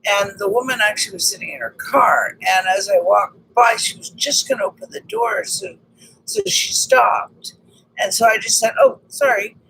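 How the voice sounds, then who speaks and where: Lively storytelling woman with vocal fry. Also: on the high side, moderate pace, a little hiss or hum, poor audio. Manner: animated, re-enacts conversations, frequent restarts. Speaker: vlogger telling a personal story. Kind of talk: casual storytelling monologue.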